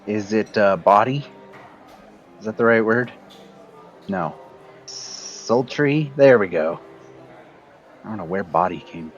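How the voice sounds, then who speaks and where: A man playing in a tabletop game, chatting in an animated, playful way. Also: on the low side, takes it slowly, pauses often, highs cut off, faint music behind. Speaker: player. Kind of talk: casual tabletop play.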